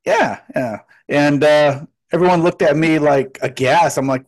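A man's voice: fairly high pitch, unhurried. A man in casual banter, dropping crude jokes and leaning on "you know" fillers. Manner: filler-heavy, crude joking asides. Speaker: podcast co-host.

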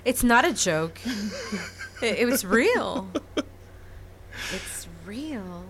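A woman's voice: fairly high pitch, big pitch swings, very slow, a bit bright, slight background noise. A woman in her thirties in a casual chat, blunt and laughing often, swearing freely.

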